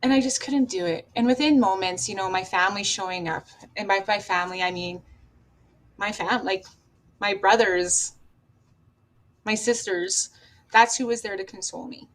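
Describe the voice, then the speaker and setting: Casting: woman from Canada, podcast guest, raw and halting personal storytelling, mid pitch. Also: a bit bright.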